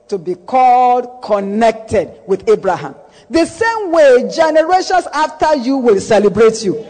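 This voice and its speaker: A man's voice: very high voice, darkish tone, long reverb tail, poor audio. A man preaching a sermon, emphatic and repetitive, calling on the congregation to answer. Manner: emphatic, repeats key phrases, calls for congregation response.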